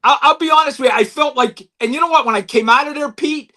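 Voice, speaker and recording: A man chatting about his acting auditions in an excitable way, laughing often and repeating his words. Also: very high voice, quick pace. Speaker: actor guest. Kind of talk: casual chat.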